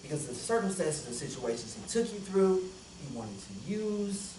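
A pastor preaching a sermon, telling a story with humor and laughter, swinging from loud outbursts to hushed, prayerful lines. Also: male voice, high-pitched, big pitch swings, moderate pace, a little hiss or hum. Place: church sanctuary. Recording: echoey church hall from far off. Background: congregation calling out responses.

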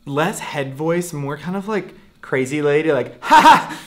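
A woman's voice: low voice, measured pace. A woman giving casual, laughing direction in a rehearsal, full of fillers.

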